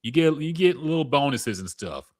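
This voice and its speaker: A man co-hosting a podcast, giving relaxed, opinionated takes on music in casual chat and laughing often. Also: on the high side, normal speed. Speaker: podcast co-host.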